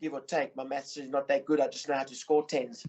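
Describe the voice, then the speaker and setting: A man's voice: mid-range voice, flat delivery, brisk, darkish tone, a little hiss or hum. A middle-aged man in a casual interview as a surf coach, talking in a rambling way with many fillers and restarts. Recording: muffled lo-fi recording.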